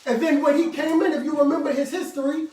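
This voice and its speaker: A man preaching a sermon to a congregation, in call-and-response style with sudden shouted bursts and casual slangy asides. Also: very high-pitched, fairly even intonation, quick pace. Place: worship room with congregation. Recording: echoey room, mic far off, faint noise.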